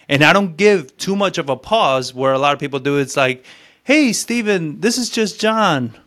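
A fairly high-voiced male sales coach teaching cold calling. He talks bluntly and swears freely. He acts out sample phone calls as he explains them. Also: fairly bright tone.

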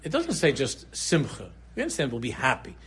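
Husky rabbi giving a purim shiur, everywhere, goes quiet then suddenly loud and high, middle pitch. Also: male voice, a little fast. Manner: animated storyteller, swings between low murmurs and sudden high exclaims. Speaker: rabbi giving a Torah class.

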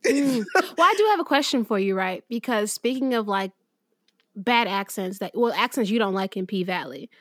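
A woman co-hosts a podcast movie review in a casual chat, with a mid-range voice. She answers in quick asides, says mm-hmm a lot, and laughs easily. The sound is dry, with the mic up close. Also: medium pitch, animated, no room sound. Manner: quick reactions, frequent mm-hmms and laughs. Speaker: podcast co-host.

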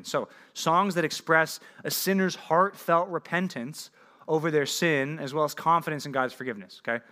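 A man's voice: medium pitch, sharp tone. A man preaching a sermon as a pastor, talking casually and often checking in with questions to his listeners. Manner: conversational, asks the audience frequent questions. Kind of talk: sermon teaching.

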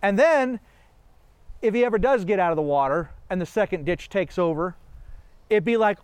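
Animated preacher, male, high voice, dry close recording. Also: normal speed, long pauses, smooth, dry recording. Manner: animated, asks many rhetorical questions, laughs often. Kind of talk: sermon.

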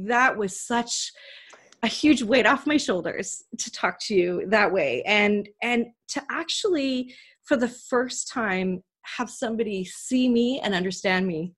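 Woman podcast host, earnest, heartfelt, fairly high voice. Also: a bit bright, breathy edge. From Canada. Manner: earnest, heartfelt, retelling a personal story. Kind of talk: emotional conversational interview.

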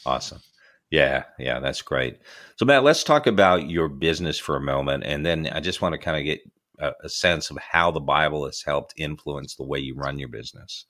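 Super low voiced guy hosting a podcast, short questions, lots of quick yeahs. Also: fairly bright tone. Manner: brief affirming interjections. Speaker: podcast host. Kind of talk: interview questions.

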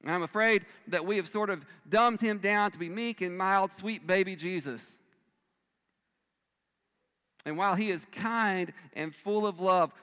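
Emphatic male preacher in a reverberant hall. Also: sits high. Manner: emphatic, swinging between loud bursts and hushed lines. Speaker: pastor. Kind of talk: sermon. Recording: long reverb of a large hall.

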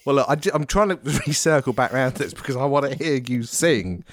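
A man's voice: medium pitch, fairly quick. A man from the UK co-hosting a casual comedy podcast, laughing a lot and riffing on jokes. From United Kingdom. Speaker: podcast co-host.

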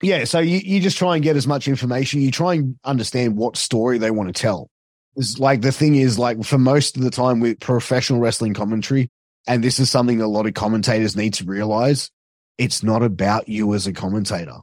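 Guesting on a podcast, this Australian wrestling commentator rattles off stories at speed in casual conversation, cursing freely and loading up on fillers. He has a mid-range, slightly mellow voice, captured in studio quality with no room sound.

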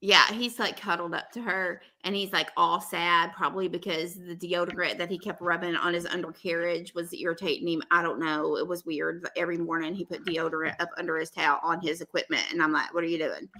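A woman's voice: lowish voice, level tone, brisk, few pauses, pushed and bright. A woman hosting a podcast, chatting casually in a rambling, gossipy way full of fillers. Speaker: podcast host.

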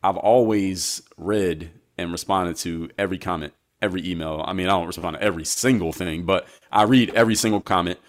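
Brief: male guest with a very low voice, a measured and reflective storyteller in an interview. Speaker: guest, basketball coach.

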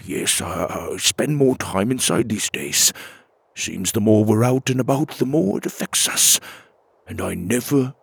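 A man's voice: lowish voice, lively intonation, measured pace, vocal fry, husky, dry recording, exaggerated voice. A man voicing a short, nervous male fruit fairy who talks in a hesitant, folksy way.

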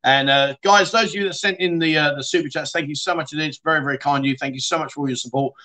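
A man's voice: a little high, very fast, sharp tone. A middle-aged man from the UK hosting a casual livestream, reading out viewer comments in a chatty, blunt way and calling people mate. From United Kingdom. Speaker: livestream host.

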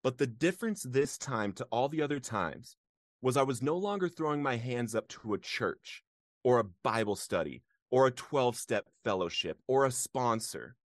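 Man, interview guest, earnest emotional storytelling, frequent laughs, mid pitch, dry close sound. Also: moderate pace, no echo. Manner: earnest, laughs often, animated when reliving moments.

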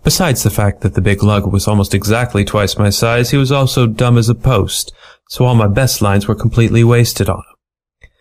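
Man reading a noir story, deadpan. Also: lowish voice, moderate pace. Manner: playful, deadpan noir delivery. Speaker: story reader. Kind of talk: storybook narration.

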